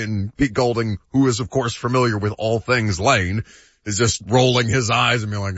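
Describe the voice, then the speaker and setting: A man's voice: mid-range voice, animated, normal speed, a bit bright, husky, no echo, dull audio. A man co-hosting a sports talk show, giving opinionated takes in casual debate and laughing easily.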